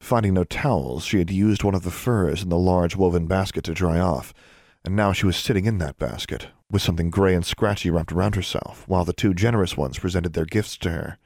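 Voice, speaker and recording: A man narrating a story in a steady, measured way. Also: deep voice, dry recording, clean studio sound. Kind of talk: audiobook narration.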